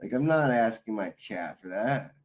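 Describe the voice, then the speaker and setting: A tired man talks to his livestream chat in a loose, rambling way, full of swearing and side stories. His voice sits a little low, and his stories run on and on. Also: lively intonation, moderate pace. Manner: profane, loose, rambling storytelling.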